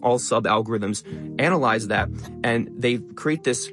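A young man talking fast and stressing many words as a content creator guest in an interview. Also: mid-range voice, a bit bright, soft background music. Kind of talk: interview conversation.

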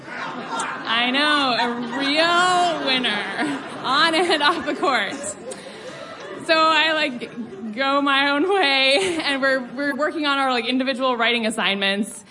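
Young woman telling a funny true story on stage, bright voice, keeps laughing and doing voices. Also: high-pitched, slow pace, some chatter behind, a little hiss or hum. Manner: animated, laughing often, acting out quoted voices. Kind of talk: live story told on stage.

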